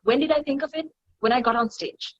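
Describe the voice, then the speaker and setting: A woman from Sri Lanka tells a story on a panel in a fairly high voice, animated and quick to act out the reactions of others. The sound is dull and muffled. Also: no echo. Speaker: panelist, public speaker.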